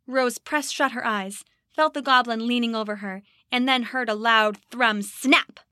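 A woman narrating a storybook in an expressive, measured way. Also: fairly high pitch, no echo, studio quality. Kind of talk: storybook reading.

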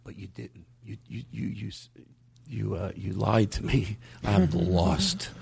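A man co-hosting a comedy podcast, talking in goofy, loose banter and quick to laugh. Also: lowish voice, gravelly, slightly rough. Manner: animated, goofy, quick to laugh and do silly voices. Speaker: podcast co-host.

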